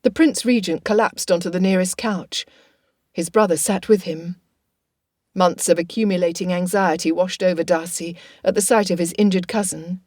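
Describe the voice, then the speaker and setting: Woman, audiobook narration, low voice, dry close sound, steady reading. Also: moderate pace, dry recording.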